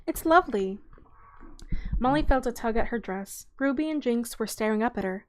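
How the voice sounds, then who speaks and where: Woman, fairly high voice, relaxed read-aloud of a children's book. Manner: relaxed, unhurried reading with small slips. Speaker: streamer reading a novel aloud. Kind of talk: reading a children's novel aloud.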